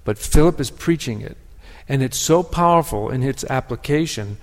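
A man delivers a sermon in a reflective, measured way, pausing and restarting as he thinks aloud. His voice sits in a middle pitch, and a long reverb from the sanctuary trails each phrase. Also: lively intonation. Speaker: pastor.

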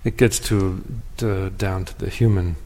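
A man's voice: low-pitched, fairly even intonation, a little slow, a little mellow, in a large hall. A man leading a class, thanking students and reflecting thoughtfully on their work. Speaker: class teacher.

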